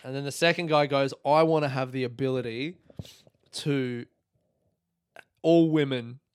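A man telling a long rambling joke on a podcast, acting out characters with sudden high yelps and swearing. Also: fairly even intonation, measured pace, clean tone. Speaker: comedian podcast host. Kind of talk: rambling comic storytelling.

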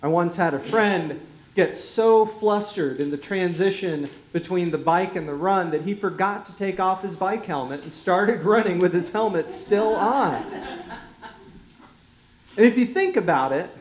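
Slow measured pastor giving a sermon, goes quiet at phrase ends, echoey room. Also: medium pitch. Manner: measured, unhurried delivery with quiet drops in volume and light chuckles. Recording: roomy echo.

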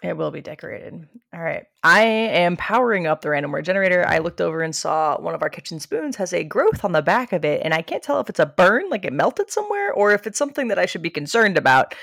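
A low-voiced woman co-hosting a podcast, her voice gravelly at the edges. She chats casually and explains things in plain words. Her voice is close and dry, with no room sound. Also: very animated, fast talker, hardly any pauses, fairly bright tone, dry recording. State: has hiccups. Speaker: podcast co-host. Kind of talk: casual chat.

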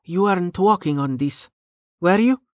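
A man voicing a brisk woman healer who speaks in a matter-of-fact way. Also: sits high, expressive, a little mellow, no room sound, studio quality, pitched above the performer's own voice.

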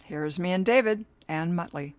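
A woman's voice: fairly low pitch, normal speed, no room sound. A woman, the host, reading a scripted introduction to her interview show. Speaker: podcast host.

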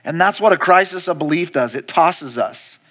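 High-voiced preacher building to shouts. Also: male voice, animated. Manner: builds from hushed, slow lines to loud, insistent repeated commands; speaks to the congregation directly, asking questions and calling out to them. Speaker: pastor. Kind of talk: sermon.

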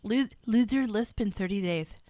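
A woman's voice: medium pitch, normal speed. A woman co-hosting a podcast, chatting casually and acting out movie scenes as she tells them. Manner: animated storyteller, acts out movie lines. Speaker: podcast co-host. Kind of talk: casual chat.

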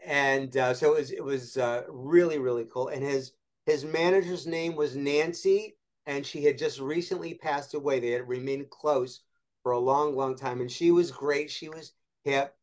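A man being interviewed as a guest, telling lively anecdotes and acting out quoted voices as he goes. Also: medium pitch, normal speed. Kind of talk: animated storytelling in conversation.

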